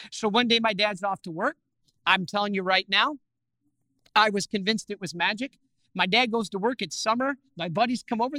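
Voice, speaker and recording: A man preaching a sermon with animated storytelling, asking his listeners questions and acting out scenes. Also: high voice, dry recording. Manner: animated, acts out scenes, asks the audience questions.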